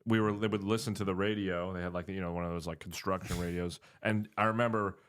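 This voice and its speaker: A young man with a very low voice chats loosely on a podcast. He strings stories together with lots of "like" and easy laughs, relaxed and unhurried. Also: clean tone. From New Jersey. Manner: relaxed storytelling with laughs and filler words. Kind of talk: casual chat.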